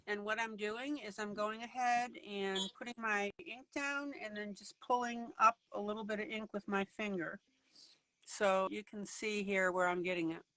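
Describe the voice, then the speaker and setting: A woman hosts a live coloring show and walks viewers through each step of her work. Her voice is bright and clear. The sound is close and dry, with almost no room echo. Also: medium pitch, steady tone, moderate pace. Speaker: host of a coloring broadcast.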